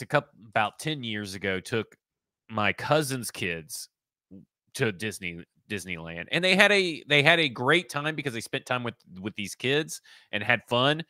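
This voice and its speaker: A man's voice: mid-range voice, bright, forceful tone, dry recording. A man co-hosting a sports podcast, chatting casually in a laid-back way and laughing easily. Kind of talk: casual chat.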